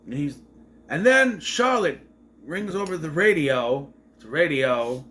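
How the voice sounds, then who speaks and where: A man's voice: on the high side, very animated, unhurried, a bit bright. A young man reviewing a TV episode in a casual, meandering way, often correcting himself as he talks. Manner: meandering, self-correcting, chatty. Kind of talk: casual rambling recap.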